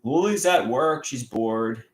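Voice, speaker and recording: A man livestreaming on his own, reading viewer comments aloud and talking in a halting, rambling way with many restarts. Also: mid-range voice, expressive, roomy sound. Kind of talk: casual livestream chat.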